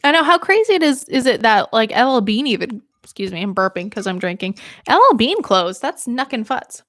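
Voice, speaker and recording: A woman's voice: fairly high pitch, sing-song, a little fast, fairly bright tone, no echo, clean studio sound. Chatty tipsy young woman radio DJ. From Maine. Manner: chatty and rambling, laughs often. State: tipsy from drinking. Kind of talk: casual livestream chat.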